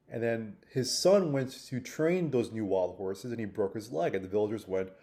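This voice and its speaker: Low, mellow-voiced man musing aloud. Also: animated, moderate pace, few pauses. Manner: thoughtful, rambling with restarts and fillers. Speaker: vlogger. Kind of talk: reflective personal vlog.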